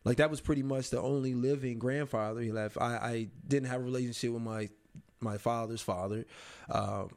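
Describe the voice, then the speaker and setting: A young adult man in an interview, telling a personal story in a reflective, halting way with many pauses and restarts. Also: medium pitch, steady tone, darkish tone.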